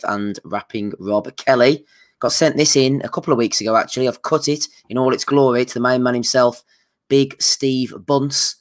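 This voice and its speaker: A man hosting a casual podcast, breezy and upbeat as he introduces segments. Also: medium pitch. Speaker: podcast host.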